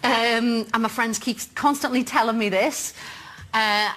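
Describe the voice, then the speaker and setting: A woman's voice: fairly high pitch, steady tone, a little slow, a bit bright. A woman in a casual group chat, speaking frankly and making fun of herself. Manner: frank, self-mocking. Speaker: panel guest.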